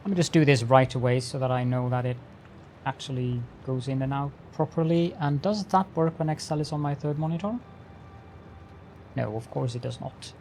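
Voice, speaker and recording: Here a man with a medium-pitched, darkish voice streams a factory-building game at normal speed, with a little hiss or hum audible. He chats with viewers, greets them with mock-formal politeness, and playfully talks through each step.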